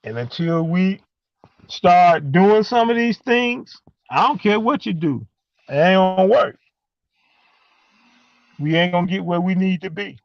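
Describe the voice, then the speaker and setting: A man calling in and speaking emphatically in a preachy way, halting with many fillers between points. The audio is a dull, lo-fi call line. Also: high voice, lively intonation, no room sound. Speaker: caller. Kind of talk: impassioned call-in monologue.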